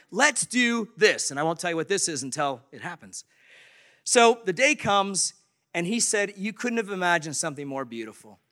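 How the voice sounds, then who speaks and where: A man's voice: high-pitched, pushed and bright. A man telling a story animatedly to an audience, often chuckling.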